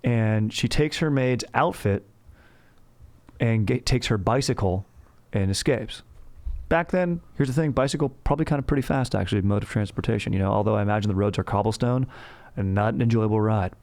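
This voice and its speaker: A man's voice: lowish voice, a little fast, a little mellow. A man hosting a comedy history podcast, telling the story in a rambling, slangy way. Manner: rambling, slangy, laughs at his own jokes. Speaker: podcast host.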